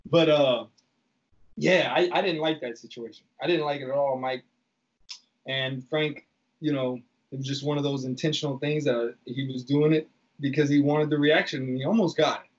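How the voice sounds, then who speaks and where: A man's voice: medium pitch, steady tone, fairly quick, muffled recording. A man telling a story in casual, profane talk, acting out the lines he quotes. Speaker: podcast guest recounting reality TV.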